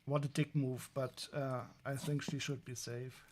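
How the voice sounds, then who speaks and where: A man's voice: mid-range voice, flat delivery, a little slow, slight background noise. A man with a German accent chatting casually on a live stream while unboxing toys, wry and rambling with frequent restarts.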